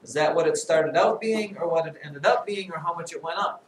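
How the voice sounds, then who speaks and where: A man's voice: on the high side, brisk. A man teaching a classroom math lesson, talking students through a problem with dry, teasing asides. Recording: echoey classroom, voice from far off, clear noise.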